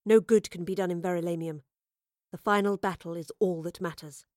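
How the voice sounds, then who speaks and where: Low muttering soothsayer woman, cryptic and testy, read by a narrator. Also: fairly even intonation, brisk, a little mellow, no room sound, clean studio sound, close to an everyday voice. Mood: brooding. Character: cryptic brooding female soothsayer.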